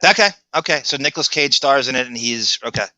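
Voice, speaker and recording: A man's voice: medium pitch, fast talker, sharp tone, no room sound, dull audio. A man hosting a podcast, telling rambling stories in casual chat. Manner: rambling storytelling with restarts. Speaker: podcast host.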